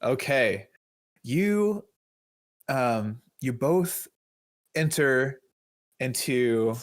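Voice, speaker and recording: A man narrating a tabletop game as game master, relaxed and hesitant, with many pauses. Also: medium pitch.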